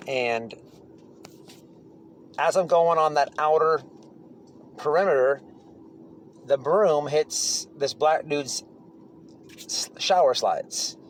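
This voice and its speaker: A man's voice: medium pitch, a little hiss or hum. A man telling stories from prison in a casual, blunt monologue, swearing freely and often restarting his sentences. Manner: blunt, profane, rambling with restarts.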